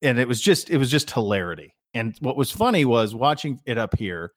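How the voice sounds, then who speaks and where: A man's voice: medium pitch, sing-song, a little fast, dry recording, studio quality. A middle-aged man co-hosting a podcast in casual chat, a rambling storyteller who often restarts his sentences. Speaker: podcast co-host.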